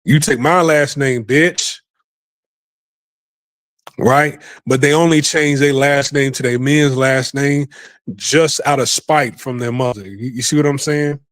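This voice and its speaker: A man's voice: medium pitch, steady tone, a little slow, no echo. A man hosting a podcast, giving rambling, profane casual commentary and repeating himself often. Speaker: podcast host.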